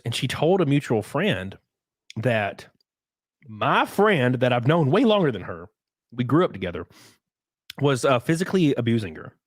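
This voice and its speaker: A man's voice: mid-range voice, dry recording, clean studio sound. A young man in casual podcast chat, telling rambling stories, swearing and laughing often.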